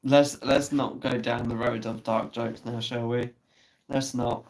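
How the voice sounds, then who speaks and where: Guy on a live stream, chatty, teasing, swears a lot, mid-pitched voice. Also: fairly even intonation, unhurried, a little mellow, rough recording. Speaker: livestream host. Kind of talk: casual live chat reading comments.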